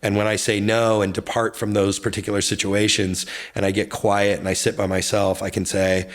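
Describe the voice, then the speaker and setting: A man speaking candidly as an interview guest, intense and confessional, with sudden excited bursts. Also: lowish voice, normal speed, few pauses. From United States. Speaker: guest, real estate brokerage founder.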